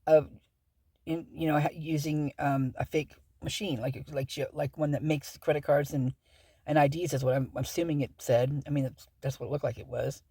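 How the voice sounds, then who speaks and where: A true-crime channel host gives casual commentary while reading through a legal document, her rambling, chatty delivery full of fillers and self-corrections. Her voice sits low, mellow and unhurried with a breathy edge and fairly even intonation. The recording is dry and close, with no room sound.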